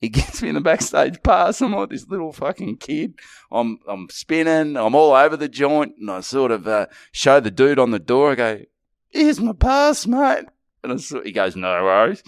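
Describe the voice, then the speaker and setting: A man's voice: medium pitch, moderate pace, dry recording, studio quality. A middle-aged Australian man telling a rambling, sweary story on a podcast he co-hosts. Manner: rambling, swearing, animated anecdote. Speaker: podcast co-host. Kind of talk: casual storytelling chat.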